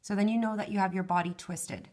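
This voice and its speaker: A woman's voice: mid-range voice, fast, darkish tone. A woman walks viewers through a craft project one step at a time and counts out each stitch as she goes. Her voice is tired and wearing thin, close to giving out. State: losing her voice. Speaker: craft tutorial host.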